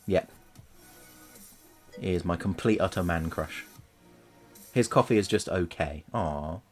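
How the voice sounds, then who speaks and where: A man with a very low voice rambles and jokes in easygoing chat while he paints miniatures on stream. Faint music plays softly behind him. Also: a little slow. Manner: chatty, jokey, rambling. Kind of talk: casual chat.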